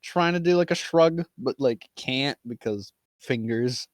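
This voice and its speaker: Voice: medium pitch, measured pace, no echo, studio quality, lightly acted. Player voicing a shrugging magic hand. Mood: resigned. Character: floating magic hand familiar.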